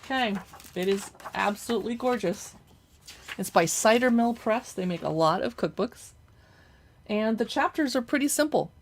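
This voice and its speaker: A woman hosting a casual live cookbook look-through, chatty and reading recipe names aloud with quick reactions. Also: a little high, lively intonation, slight background noise. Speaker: cookbook reviewer livestreaming.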